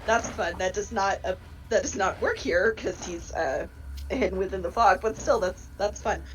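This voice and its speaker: A woman's voice: medium pitch, moderate pace, slight background noise, low-quality recording. Chatty woman playing a tabletop game. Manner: chatty, breaks into lively voices for her character. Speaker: player.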